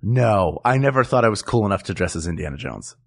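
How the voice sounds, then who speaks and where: A man's voice: lowish voice, animated, quick pace, gravelly. A man co-hosting a comedy podcast in casual chat, easygoing, laughing often and restarting his sentences. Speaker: podcast co-host.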